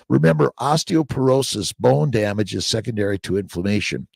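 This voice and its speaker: A middle-aged man hosting a casual live-stream chat, reading viewer comments aloud in an upbeat, exclamatory way that swings between loud bursts and low murmurs. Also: normal speed, gravelly, hardly any pauses, breathy edge, no echo, clean studio sound.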